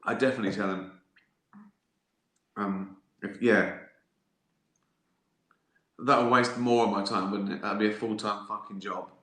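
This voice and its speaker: A man's voice: lowish voice, fairly even intonation, unhurried, long pauses, pushed and bright, reverberant. A man hosting a casual live-stream Q&A, reading out viewer questions and answering them with jokes and swearing. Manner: sweary, jokey and teasing.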